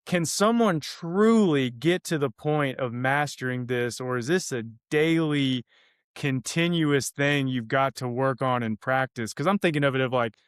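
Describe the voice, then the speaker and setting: Male host, casual and keen, smooth clear voice, dry close mic. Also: mid-range voice, a bit bright, dry recording. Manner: enthusiastic, casual, rambling with restarts. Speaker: podcast host. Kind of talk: conversational interview.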